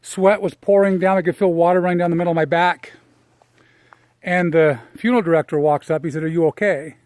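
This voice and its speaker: Middle-aged man, fairly high-voiced, dry close sound, reflective storyteller who halts and restarts while walking outdoors. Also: steady tone, darkish tone, dry recording. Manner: emotional, reflective, halting with fillers. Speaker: personal development speaker. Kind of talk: personal storytelling.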